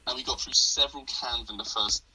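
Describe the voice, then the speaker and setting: A man as a guest in a casual chat, relaxed and joking in quick asides. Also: medium pitch, noisy background.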